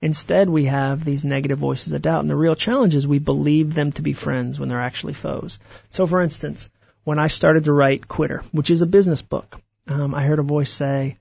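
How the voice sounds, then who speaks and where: A man, an author being interviewed, telling stories in an animated way and acting out the voices he quotes. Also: fairly high pitch, fairly quick, vocal fry, husky, no echo, highs cut off. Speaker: author guest. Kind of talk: interview conversation.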